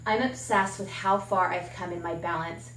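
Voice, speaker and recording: A woman's voice: on the low side, steady tone, normal speed, a bit bright, far from the mic, slight background noise. Candid fitness coach woman, echoey room. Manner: encouraging, candid, talks while exercising. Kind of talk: casual workout demonstration.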